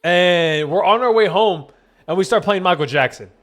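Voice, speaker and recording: A man's voice: high voice, fairly quick. Rambling, cursing young male streamer. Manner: rambling, profane, animated retelling with quoted dialogue. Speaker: gaming streamer. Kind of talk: casual storytelling to stream chat.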